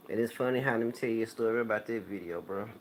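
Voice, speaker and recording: A man with a very low voice hosts his own video channel and chats straight to his viewers. He rambles loosely through stories, full of slang and restarts. A faint hiss of noise sits under the recording. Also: quick pace. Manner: laid-back, rambling storytelling with slang. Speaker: YouTube channel host. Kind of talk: casual talk to viewers.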